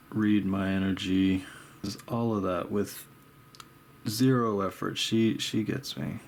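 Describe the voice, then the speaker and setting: A man's voice: sits low, creaky, a little hiss or hum. A young man chatting casually while he paints, laid-back and rambling, with a habit of saying dude and bro. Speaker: art vlogger.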